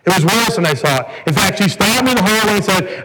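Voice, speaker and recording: A man's voice: high voice, expressive, fast talker, few pauses. A man preaching a sermon as pastor, earnest and building to emphatic peaks. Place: church sanctuary. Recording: church hall reverb, faint noise.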